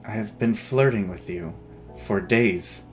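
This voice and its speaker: A man voicing a brooding, flirtatious male grim reaper in a dating game, with a low, teasing delivery. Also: a little slow, faint music behind, close to an everyday voice. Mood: guarded. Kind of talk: voiced dating-game dialogue.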